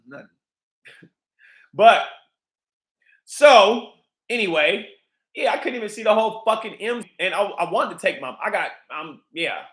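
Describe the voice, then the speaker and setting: A man's voice: high-pitched, bright, forceful tone. A man hosting his own vlog, telling a rambling, profane story in a casual monologue. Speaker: vlog host. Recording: echoey room.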